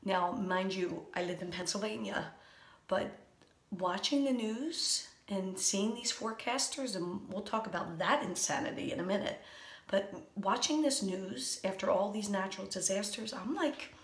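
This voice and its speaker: A woman's voice: mid-range voice, moderate pace. Anxious woman ranting in an echoey bathroom. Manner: anxious, rambling, sarcastic. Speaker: comedian. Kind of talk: comic monologue vlog. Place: small bathroom.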